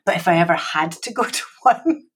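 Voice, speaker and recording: A woman's voice: fairly low pitch, lively intonation, fairly quick, breathy edge. A woman with a Scottish accent, a security executive talking as a podcast guest in a chatty, self-deprecating way with frequent restarts, heard over a video call from her home library. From Scotland. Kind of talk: casual podcast conversation.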